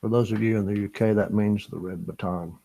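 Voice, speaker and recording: A man's voice: lowish voice, steady tone, a little fast, warm tone, poor audio. An older man from Louisiana, chatting casually with viewers on a fishing live stream and laughing often. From Louisiana, USA. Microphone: small camera-top microphone.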